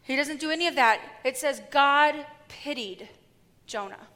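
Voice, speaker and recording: A woman preacher delivering a sermon with lively, humorous storytelling. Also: high voice, a little slow, in a large hall.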